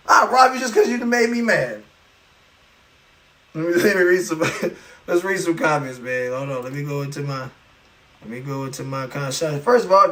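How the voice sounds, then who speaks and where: A man hosting a live podcast, delivering an animated, profane comedic rant full of incredulous asides. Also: sits high, far from the mic. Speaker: podcast host.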